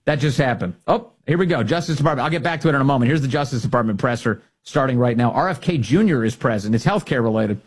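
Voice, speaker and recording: A man's voice: mid-range voice, animated, quick pace, few pauses, husky. A man hosting a political talk show, sarcastic and heated, throwing insults and mocking his targets. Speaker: radio talk show host. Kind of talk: opinionated political talk radio.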